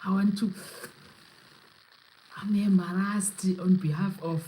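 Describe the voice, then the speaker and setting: Speaking slowly in a steady, mellow mid-range voice, a young South African podcast host banters animatedly on a live stream. She slips between English and Zulu, laughing frequently, over a low-quality recording with faint hiss or hum.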